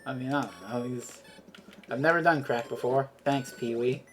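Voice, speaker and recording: A woman's voice: a bass voice, normal speed, slight background noise. A woman from Europe chatting casually while streaming a game, rambling, sarcastic and profane, often tripping over her words.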